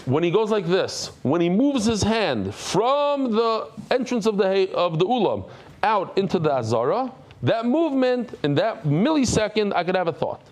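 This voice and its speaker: Male Talmud teacher, slightly high voice, very lively pitch, explains terms as he goes and jokes with the class. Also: normal speed. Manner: animated, repeats phrases, explains Hebrew and Aramaic terms in English; jokey asides to the class.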